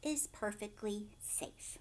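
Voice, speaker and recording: A woman reading aloud, voicing an eccentric, giggling male chocolate maker who speaks in a playful, often hushed and breathy way. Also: mid-range voice, takes it slowly, close to an everyday voice.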